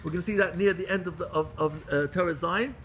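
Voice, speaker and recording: Man, rabbi teaching a class, high voice, bright tone, fervent, questions listeners. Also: quick pace, a little hiss or hum. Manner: fervent, swings between loud pleading and hushed intimacy; questions the audience. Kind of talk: Torah lecture to a live group.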